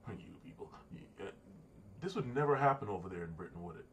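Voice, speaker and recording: A man's voice: low voice, animated, fast talker, a little hiss or hum. An American man venting in a casual, profane political rant to camera, rambling and repeating himself. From United States. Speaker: vlogger.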